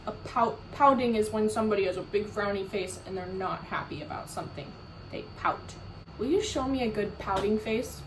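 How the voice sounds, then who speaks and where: A woman teacher reading a picture book aloud to children, animated and full of questions, with a roomy echo from a distant mic. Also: mid-range voice, normal speed, slight background noise. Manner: animated, asks questions, laughs.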